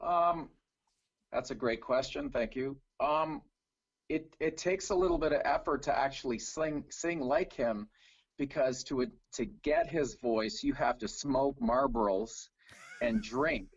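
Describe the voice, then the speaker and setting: A middle-aged man from Canada answering interview questions in a relaxed, storytelling way with plenty of fillers. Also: medium pitch, unhurried, creaky, breathy edge, dry recording, dull audio. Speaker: guest, tribute singer. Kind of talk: casual video call interview.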